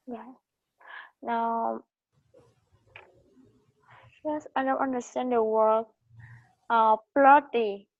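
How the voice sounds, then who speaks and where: A woman learning English speaks haltingly over a dull, lo-fi video call, her voice slow and fairly flat. It sits a touch high and sounds dry, with little room around it. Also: dry recording. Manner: hesitant, halting, with many fillers and restarts. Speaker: English student. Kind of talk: reading aloud and answering in a lesson.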